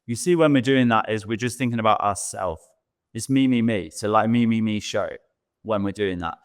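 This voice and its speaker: A man's voice: on the low side, normal speed. A man co-hosting a talk show, giving earnest coaching advice and acting out quoted thoughts. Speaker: co-host, sex expert.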